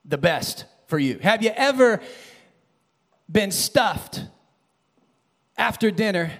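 A man preaching a sermon, animated, building to shouted emphasis and dropping low again. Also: takes it slowly, big-room sound.

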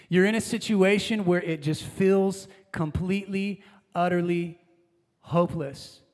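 A man in his thirties preaching a fervent sermon as pastor, swinging from hushed lines to loud emphasis. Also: high-pitched. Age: 30s. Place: large church hall. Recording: long hall reverb.

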